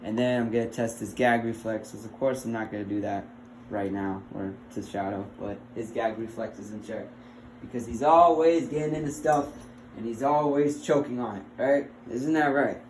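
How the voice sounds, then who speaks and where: A man's voice: medium pitch, normal speed, darkish tone. A young man, a health assessment student, giving a casual demonstration at home; he is chatty and fumbling, laughs often and coaxes his dog. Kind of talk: casual recorded skills demonstration. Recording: roomy with faint noise.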